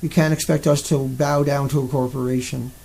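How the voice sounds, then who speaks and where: A man's voice: medium pitch, level tone, a little fast, gravelly, darkish tone, breathy edge. A man hosting a live stream, talking casually and agitatedly, repeating himself and answering his chat. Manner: agitated, repetitive, talks back to chat.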